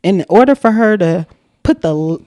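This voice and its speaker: A young adult woman, a podcast guest, telling a story casually in an animated, profane way, laughing often. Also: fairly low pitch, moderate pace, dry recording, clean studio sound.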